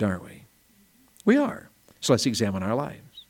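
A man preaching a revival sermon in a small church, folksy and storytelling, rising to loud emphatic peaks. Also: on the low side, a little fast.

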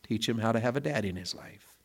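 A middle-aged man, preaching a sermon in a folksy, conversational way, with loud bursts of emphasis. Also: fairly low pitch, fast talker.

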